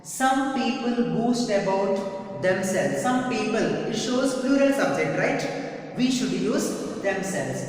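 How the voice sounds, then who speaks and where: A woman teacher with an Indian English accent giving a grammar lesson, speaking deliberately and repeating each example for emphasis. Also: a little high, expressive, darkish tone. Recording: echoey, reverberant room, mic far off.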